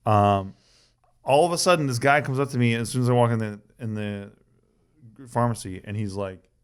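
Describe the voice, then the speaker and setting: A man's voice: medium pitch, moderate pace, clean tone. A man co-hosting a podcast, telling a story in casual chat with lots of swearing and acted-out quotes. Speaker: podcast co-host.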